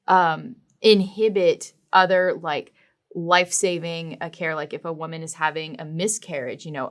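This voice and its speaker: A woman co-hosting a casual podcast, explaining her points earnestly with frequent fillers. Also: on the low side. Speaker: podcast co-host.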